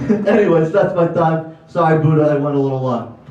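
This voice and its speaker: A man's voice: on the high side, normal speed, highs cut off, heavy background noise. A young man from Connecticut doing a profane, ranting stand-up set in a comedy club. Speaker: stand-up comic. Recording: echoey club from far off.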